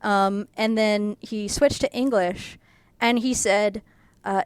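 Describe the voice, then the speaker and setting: American woman vlogger, rambling casual anecdote, smooth tone, dry. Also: mid-range voice, fairly even intonation, takes it slowly, no echo. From United States. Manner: chatty, rambling with many fillers, laughs through the telling. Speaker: artist vlogger. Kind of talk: casual storytelling.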